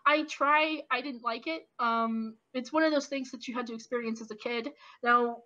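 A woman in her twenties giving casual, animated opinion commentary with lots of ums and restarts. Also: a little high, normal speed. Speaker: YouTube commentator. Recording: lo-fi dull audio.

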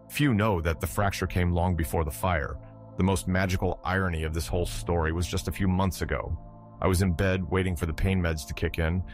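A man narrating a scripted horror story in a measured, dramatic way. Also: low voice. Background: faint music.

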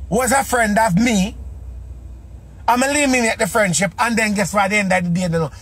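A man's voice: high-pitched, a bit bright, breathy edge. A man with a Jamaican Patois accent giving a casual monologue, full of repeated rhetorical questions.

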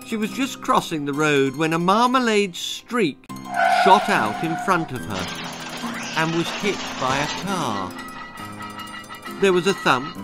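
A man reading his own darkly comic children's story aloud, theatrical and lively, voicing every character himself. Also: a little high.

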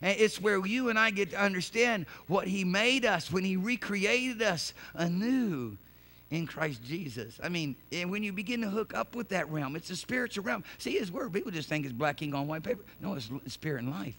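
Gravelly high-voiced preaching pastor. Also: male voice, animated, normal speed. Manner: builds from quiet talk to shouted preaching; repeats words and restarts phrases. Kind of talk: sermon. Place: church.

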